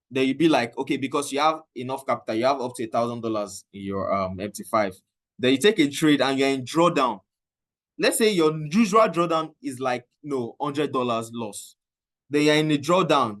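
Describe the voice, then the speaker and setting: A man with a Nigerian accent telling a casual, animated story about trading and often mixing in Pidgin. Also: medium pitch. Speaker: trading coach. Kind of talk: casual talk.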